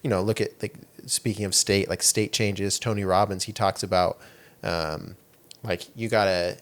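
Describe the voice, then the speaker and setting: A man's voice: sits low, steady tone, moderate pace. A young adult man hosting a podcast in casual chat, rambling and leaning on "like" and "you know". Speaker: podcast host.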